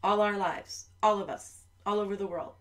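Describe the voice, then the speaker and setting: A woman's voice: mid-range voice, fairly even intonation, moderate pace, a bit bright, slight background noise. A woman children's musician chatting between songs on a live stream from home, rambling and talking straight to parents and kids.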